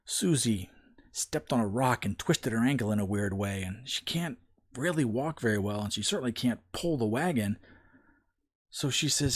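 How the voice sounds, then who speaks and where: Male commentator, mid-pitched, folksy and emphatic, tells parables. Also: animated, moderate pace, husky. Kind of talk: opinion commentary with a told parable.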